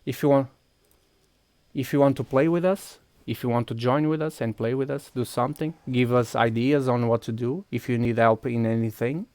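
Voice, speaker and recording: A man's voice: medium pitch, steady tone, normal speed, a little mellow, dry recording. A man with a Portuguese accent streaming a game, walking viewers through each step while he clicks and thinks aloud. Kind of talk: casual live-stream chat.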